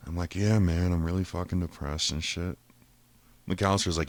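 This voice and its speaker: In a low voice at a slightly quick pace, a man hosting a podcast retells a story full of profanity, performing everyone's lines as he goes. The recording has no room sound.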